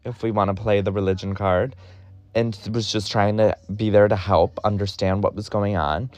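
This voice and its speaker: A young man from Ohio talks straight into the mic in a low voice, recorded dry and close. He is blunt, profane and openly exasperated, tossing off quick sardonic asides as he hosts his solo podcast. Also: steady tone, a little mellow, dry recording. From Ohio, USA. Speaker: podcast host. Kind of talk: candid solo podcast monologue.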